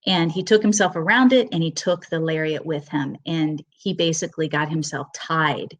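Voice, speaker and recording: A middle-aged woman teaching horsemanship, telling a personal story in a webinar with earnest emotion and halting restarts. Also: deep voice.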